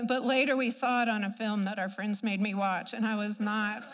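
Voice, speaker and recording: A woman giving an animated personal healing testimony, acting out her own reactions and laughing often as she tells it. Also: a little high, moderate pace, hardly any pauses, long reverb tail. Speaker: speaker sharing a healing testimony.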